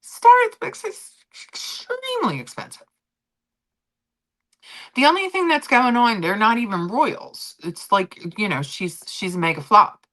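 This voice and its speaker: Animated, chatty woman streamer. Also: mid-range voice, normal speed, hardly any pauses. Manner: chatty, animated, rambling with restarts. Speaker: livestream host. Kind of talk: casual chat with viewers.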